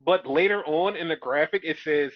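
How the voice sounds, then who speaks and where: A man's voice: a little high, normal speed, no room sound. A man casually recapping a show in rambling, profane chat and acting out what people said. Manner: rambling, profane, acts out quotes. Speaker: podcast co-host. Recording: dull lo-fi dry sound.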